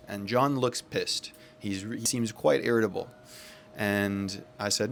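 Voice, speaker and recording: Man, low voice, gravelly, calm and earnest, casual storytelling. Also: unhurried, slight background noise. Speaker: men's accountability facilitator.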